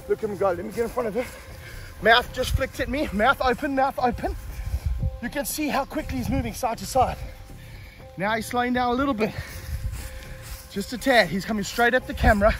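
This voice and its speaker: A man hosting an energetic outdoor snake-handling demonstration to camera. He talks with excitement and breaks into whooping calls. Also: extremely high pitch, a little fast. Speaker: snake handler and show host. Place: outdoors on grass in hot weather.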